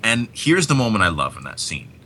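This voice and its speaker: A man with a very low voice and a bright, forceful tone talks about movies in a loose, enthusiastic podcast chat. He rambles and restarts his sentences often. A faint hiss sits behind him. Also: wildly swooping pitch, a little fast. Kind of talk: casual film discussion.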